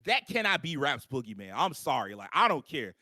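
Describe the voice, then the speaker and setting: A man co-hosting a live show, chatting casually in long animated runs full of "like" and acted-out quotes. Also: mid-range voice, brisk, no room sound, clean studio sound. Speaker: podcast co-host. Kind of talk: casual live-stream chat.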